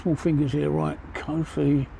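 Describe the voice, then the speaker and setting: An older man with an English accent chats bluntly and jokily with his viewers, his voice sitting a little high yet mellow and dark. He talks into a phone outdoors, with faint street noise behind him. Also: level tone, a little slow, gravelly. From England. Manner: blunt, joking, matter-of-fact. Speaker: livestreamer answering viewer chat. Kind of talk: casual chat Q&A. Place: outdoors by a pub. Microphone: cell phone.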